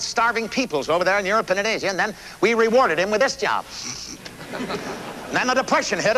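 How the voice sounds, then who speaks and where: A man's voice: high voice, sharp tone, slight background noise, low-quality recording. A man playing a feisty, plainspoken old president. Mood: wry. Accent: Missouri. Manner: folksy, salty, emphatic. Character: blunt, feisty older American president, plainspoken. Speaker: stage actor. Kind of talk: live one-man stage performance. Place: theater stage.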